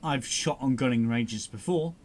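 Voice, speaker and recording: A man co-hosting a podcast, his voice sitting at an ordinary middle pitch. He rambles through animated stories, swearing freely in loose, casual chat. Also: normal speed. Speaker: podcast co-host.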